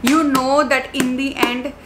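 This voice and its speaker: A woman in her twenties talks in a casual book vlog, gushing and emotional as she repeats words for emphasis. Her voice sits fairly high. The room is echoey, with a faint hum of ambience behind her. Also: little pitch movement, measured pace. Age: 20s. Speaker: book vlogger.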